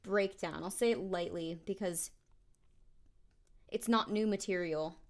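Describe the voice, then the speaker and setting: Another break between takes finds her speaking unhurriedly at a fairly low pitch into the studio condenser mic at home. Her morning voice is phlegmy, and she muses aloud in a chatty, filler-laden way.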